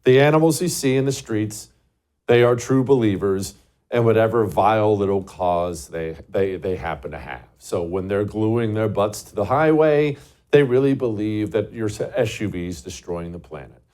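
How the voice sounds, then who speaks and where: Guy doing a political monologue, low mellow voice, scornful and emphatic, hammers words twice. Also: lively intonation, normal speed. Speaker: talk show host.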